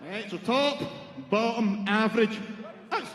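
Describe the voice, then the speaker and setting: Bright rambling wrestler in an echoey arena. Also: male voice, sits high, measured pace, slight background noise. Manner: jokey, rambling, playing to the crowd. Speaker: wrestler on the mic. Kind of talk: cocky in-ring promo to a crowd.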